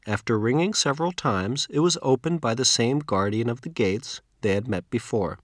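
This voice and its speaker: A man narrating a scripted English lesson, reading model sentences slowly and with careful enunciation. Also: medium pitch, fairly bright tone, no echo, clean studio sound. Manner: slow, deliberate, carefully enunciated.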